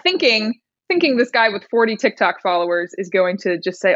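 A woman's voice: medium pitch, a little fast, dry recording, highs cut off. A young woman from Indiana in her twenties, telling a story in casual chat and acting out the voices of the people she quotes. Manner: animated storyteller, acts out quoted voices, laughs often. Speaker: podcast guest, songwriter and rapper.

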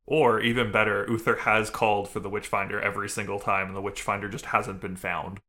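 A man's voice: fairly low pitch, level tone, a little fast, pushed and bright. A man co-hosting a casual podcast, rambling through a story with lots of ums and uhs. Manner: rambling, full of um and uh. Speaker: podcast co-host. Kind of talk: casual chat recapping a TV episode.

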